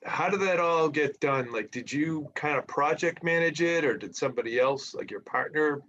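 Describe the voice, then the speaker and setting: A man's voice: on the high side, normal speed, fairly bright tone. A man on a training call, asking a question in a hesitant way. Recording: dull, lo-fi call audio.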